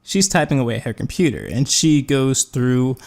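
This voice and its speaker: A young man, a gaming YouTuber, tells a rambling story over gameplay in a casual way, full of fillers and quoted voices. His mid-range voice swings widely in pitch at a moderate pace, with a creaky, darkish tone.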